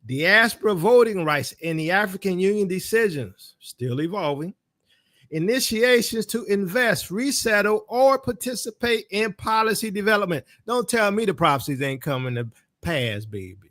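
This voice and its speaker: A man's voice: sits high, lively intonation, normal speed, fairly bright tone, no echo. A man with a New Orleans accent giving religious commentary, preaching style, speaking straight to his audience. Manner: preacherly, calls on the audience directly. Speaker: ministry teacher.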